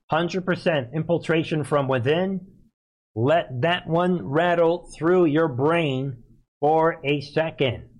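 A man hosting a political commentary show, talking emphatically, repeating himself and often clearing his throat. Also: a little high, low-quality recording. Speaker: host.

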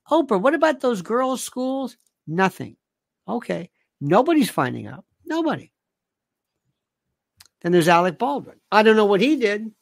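A man's voice: sits high, vocal fry, dry recording. Sarcastic rambling man, dry sound. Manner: sarcastic, rapid-fire rhetorical questions, repeats himself. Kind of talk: rambling monologue.

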